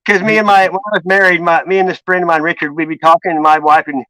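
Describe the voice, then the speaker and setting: A man's voice: a little high, little pitch movement, fast talker, pushed and bright, no echo, poor audio. A man hosting a live stream in casual chat, telling rambling stories with plenty of swearing. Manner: rambling, profane storytelling. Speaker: stream host.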